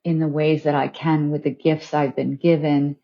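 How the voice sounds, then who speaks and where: A woman speaking as a guest in an interview, musing at a relaxed pace with fillers and soft laughs. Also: low-pitched, normal speed, highs cut off. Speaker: guest, financial firm founder and author. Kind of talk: reflective interview conversation.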